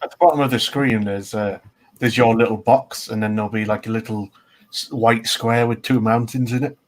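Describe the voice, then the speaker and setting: A man's voice: fairly low pitch, steady tone, a little fast. A man with a Northern English accent co-hosting a casual online show, teasing and laughing often. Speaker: co-host. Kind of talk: casual chat.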